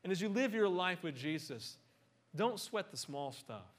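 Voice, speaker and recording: Middle-aged male pastor, lively casual sermon delivery with humorous asides. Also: high-pitched, moderate pace. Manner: animated, conversational, joking asides.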